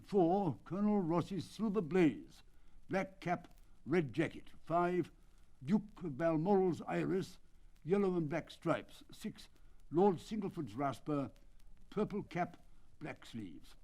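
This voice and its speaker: An older man narrating a story aloud in a measured, theatrical manner. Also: fairly high pitch, expressive, mellow. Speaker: audiobook narrator. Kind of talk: dramatic audiobook reading.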